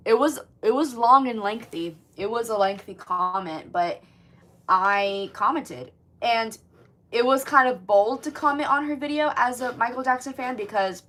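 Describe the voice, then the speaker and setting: Woman, 20s, livestream host. Casual, profane, animated chat with viewers. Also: fairly high pitch. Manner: chatty, swears often, lots of "like", animated.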